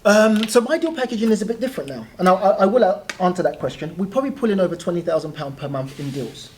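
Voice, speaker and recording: A guest telling stories in a casual interview, animated and quick to laugh. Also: mid-range voice, slight background noise. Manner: animated, laughing, acts out quoted voices. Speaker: guest, property deal trainer.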